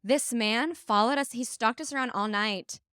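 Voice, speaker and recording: A young adult woman co-hosting a podcast, telling dating stories in casual chat with an animated, dramatic delivery. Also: a little high, normal speed, smooth, dry recording, studio quality. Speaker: podcast co-host.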